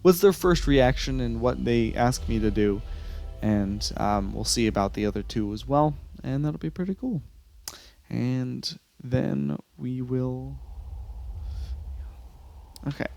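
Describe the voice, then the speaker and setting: A man's voice: medium pitch, slow, gravelly, a little mellow. Casual young man playing a game. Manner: casual, chatty, rambling with fillers. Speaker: gaming channel host. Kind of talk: let's play commentary.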